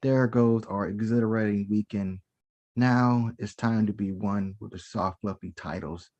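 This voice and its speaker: A man's voice: steady tone, unhurried. Man, performing poet, spoken-word reading, rhythmic, theatrical, video call from home. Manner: rhythmic, dramatic delivery that drops lower and softer for sensual verse.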